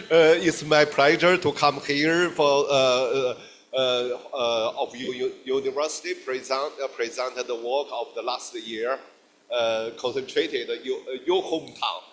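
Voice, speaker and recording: A middle-aged man from China with a Chinese accent, giving a guest lecture in halting English full of fillers and restarts. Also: mid-range voice, steady tone, fairly bright tone.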